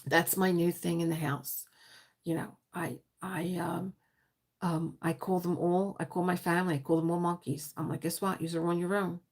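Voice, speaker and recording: A woman with a South Philadelphia accent hosting a casual livestream chat, rambling with quick asides and laughter. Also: on the low side, fairly even intonation, a little mellow. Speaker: livestream host.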